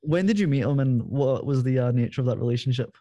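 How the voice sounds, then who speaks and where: A man hosting a podcast, asking his guest questions in a measured way and often repeating words. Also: mid-range voice, lively intonation, dark tone, dry recording. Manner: measured, repeats words while searching for them. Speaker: podcast host. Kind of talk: interview questions.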